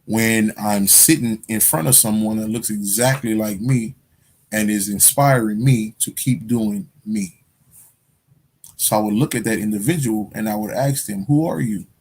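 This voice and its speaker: A man's voice: fairly low pitch, measured pace, darkish tone, slight background noise. A man hosting a casual livestream, answering viewer questions in loose, profane street slang, repeating phrases as he goes. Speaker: spiritual livestream host.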